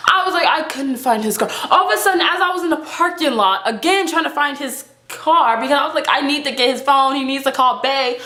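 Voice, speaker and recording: Young woman, vlogger, high voice, dramatic storytelling, echoey room. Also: brisk, hardly any pauses. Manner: animated and dramatic, acting out her own reactions with frequent laughs. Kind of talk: casual storytime vlog.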